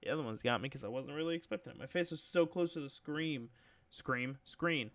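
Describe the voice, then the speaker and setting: A man's voice: medium pitch, fairly quick, fairly bright tone, a little hiss or hum. A man streaming a game live, reading the on-screen text aloud and talking back to the characters in jumpy, pleading protests. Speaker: gaming streamer.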